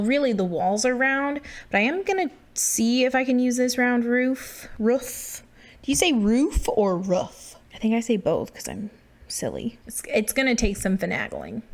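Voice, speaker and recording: A woman giving casual, self-deprecating commentary while building in a game, thinking aloud as she works. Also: medium pitch.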